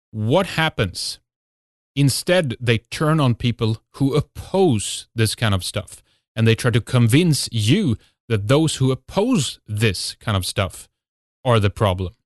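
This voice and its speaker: A man's voice: lowish voice, no room sound, studio quality. A man hosting a show, delivering an emphatic monologue full of rhetorical questions and fillers. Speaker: host. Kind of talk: monologue intro to a talk show.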